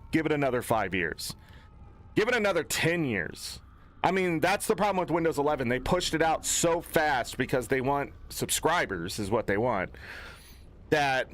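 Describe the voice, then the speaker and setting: A young man streaming a game, ranting angrily and cursing, swinging between low mutters and loud outbursts. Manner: profane, exasperated ranting with swings in pitch. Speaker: gaming streamer. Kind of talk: angry off-the-cuff stream rant.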